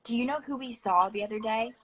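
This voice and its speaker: A woman's voice: a little high, quick pace, slight background noise, low-quality recording. A young woman co-hosting a livestream in casual chat, rambling and giggly, often tripping over her own words. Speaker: co-host of a livestream.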